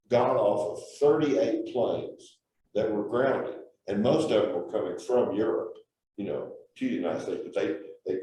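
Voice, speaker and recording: A man's voice: mid-range voice, a little mellow. A man leads an adult church class, spinning stories in a loose, chatty way and breaking into laughter. He sounds far from the mic in a very echoey room with a faint hiss behind him. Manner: chatty, storytelling, laughs often, repeats words. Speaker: Sunday school teacher. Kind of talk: casual classroom teaching.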